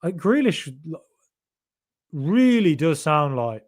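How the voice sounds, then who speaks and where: A man's voice: fairly high pitch, very animated, slow pace. A young man from Solihull with a faded Birmingham accent, hosting a casual podcast chat and rambling as he reads out viewer comments. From Solihull, Birmingham area. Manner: rambling, self-correcting, chatty. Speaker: podcast host.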